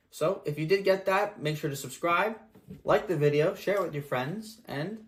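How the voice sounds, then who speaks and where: A man's voice: a little high, normal speed. A man hosting a satirical comedy show, delivering a mock-earnest, sarcastic monologue.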